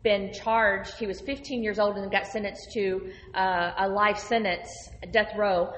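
A woman telling an animated, conversational testimony about her ministry. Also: mid-range voice, measured pace, a little hiss or hum. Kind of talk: casual testimony storytelling. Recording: roomy hall reverb.

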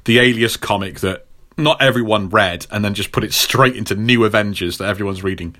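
A man co-hosting a casual podcast, telling stories in an animated, jokey way. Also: fairly low pitch, fairly quick. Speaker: podcast co-host.

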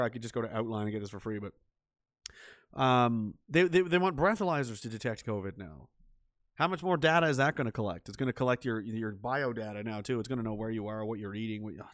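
A man's voice: medium pitch, fairly bright tone, no echo, clean studio sound. A middle-aged man giving ranting, sarcastic political commentary on a livestream and reading out chat messages, with lots of profanity and scorn.

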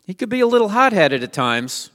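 A man's voice: high-pitched, very animated, fairly quick, bright, forceful tone. Man preaching in a reverberant hall. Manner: conversational, asks rhetorical questions. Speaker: Messianic teacher. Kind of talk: sermon with scripture reading.

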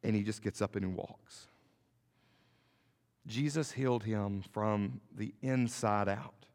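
A middle-aged male pastor preaching a sermon, swinging between loud and soft and asking the congregation rhetorical questions. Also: on the low side, fairly even intonation, slow, in a large hall.

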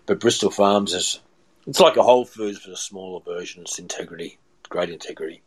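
A man's voice: low-pitched, brisk, low-quality recording. A man, a chef chatting as a podcast guest and telling rambling stories with many restarts. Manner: rambling, repeats and restarts phrases. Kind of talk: casual storytelling chat.

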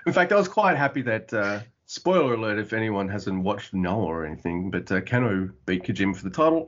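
A man's voice: lowish voice, big pitch swings, a little fast, hardly any pauses, muffled recording. A man co-hosting a podcast in rambling casual chat. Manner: rambling, with restarts and swearing. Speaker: podcast co-host.

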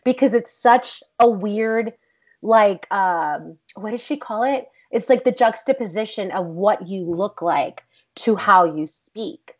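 Animated Texan actress, interview guest, rambling anecdotes, slightly muffled recording. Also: female voice, mid-range voice, takes it slowly. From Texas. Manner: animated, rambling, many fillers like "like". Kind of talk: casual interview storytelling.

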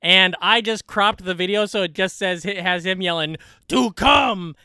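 A man co-hosting a comedy podcast, chatting casually, joking quickly and laughing often. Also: high voice, steady tone, sharp tone, smooth, no room sound, studio quality. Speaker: podcast co-host.

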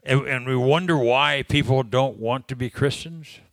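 A man's voice: medium pitch, moderate pace, no room sound. A man preaching a sermon, telling a personal story in a conversational way, laughing often and asking the congregation questions.

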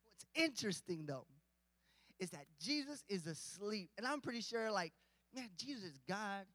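A man's voice: sits high, animated, normal speed, a bit bright, no echo, in a large hall. A man preaching a casual, conversational sermon, joking with the congregation and rising to emphatic points.

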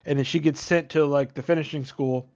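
A man's voice: on the high side, fairly even intonation, brisk, a little mellow. A man retelling a movie plot in a casual, rambling, profane way, joking as he goes. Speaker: podcast co-host. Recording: dull lo-fi sound.

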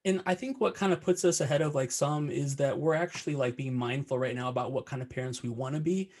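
A man's voice: medium pitch, fast, a little mellow. A young adult man chatting thoughtfully on a podcast, filling his sentences with "like". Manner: thoughtful, filler-heavy. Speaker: podcast co-host. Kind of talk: casual podcast chat.

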